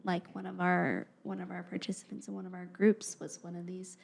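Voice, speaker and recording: Young woman, interview guest; earnest, fry-laden low voice, drops to hushed tones. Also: little pitch movement, a little fast. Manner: earnest, reflective, softening into near-whispers. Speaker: podcast guest, mental health professional. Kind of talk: conversational interview.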